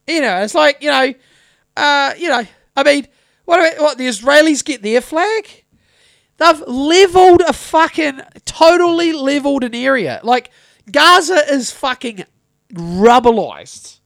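A man's voice: very high voice, expressive, unhurried, vocal fry, fairly bright tone, dry recording. A man with a New Zealand accent holds forth on a casual podcast. His speech runs heavy on swearing and builds into rants, and the sound is dry and close. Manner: sweary, ranting storyteller. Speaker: podcast co-host. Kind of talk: casual chat.

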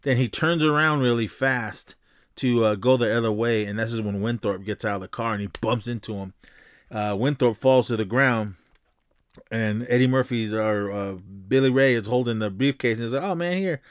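A man's voice: mid-range voice, fairly even intonation, normal speed, smooth, no echo. Rambling male podcast host in a dry room. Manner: rambling, full of fillers, acts out quotes. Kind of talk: casual movie recap.

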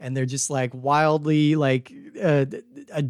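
Animated man chatting about films. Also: on the high side, slow pace, clean tone, no echo. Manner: animated, rambling, frequent "like" and restarts. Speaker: podcast co-host. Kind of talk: casual film discussion.

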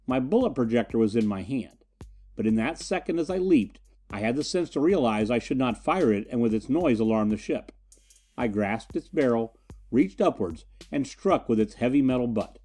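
A man reads a first-person adventure story in a steady, dramatic voice. His tone is mellow and dark, and faint music runs underneath. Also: medium pitch. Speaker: audiobook narrator. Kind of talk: scripted first-person narration.

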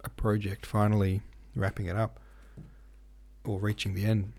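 A man hosts his own podcast in a loose, meandering chat, stopping and restarting his sentences often. His voice sits fairly low with a gravelly edge. The tone is husky and mellow. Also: flat delivery, moderate pace. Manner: rambling and hesitant, many fillers and restarts. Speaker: podcast host and novelist. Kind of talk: casual solo podcast chat.

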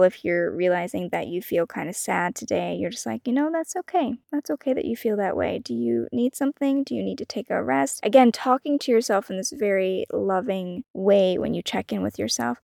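A woman hosting a solo wellness podcast, talking in a gentle, encouraging way and laughing often. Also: medium pitch, creaky, no echo, studio quality. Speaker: podcast host.

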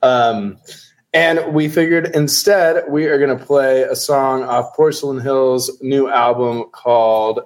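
A man's voice: medium pitch, fairly even intonation, slow pace. Casual man introducing a song. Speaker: podcast host. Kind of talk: casual podcast chat.

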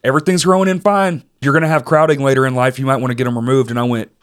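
A man's voice: medium pitch, steady tone, racing. A man in his late thirties in casual podcast chat, swearing freely and mocking himself, often restarting his sentences. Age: late 30s. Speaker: podcast co-host.

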